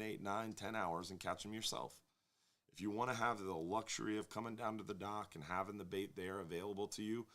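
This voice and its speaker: A man's voice: lowish voice, pushed and bright. A man hosting a casual live fishing show, rambling and joking with viewers. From Florida. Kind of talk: casual live-stream chat.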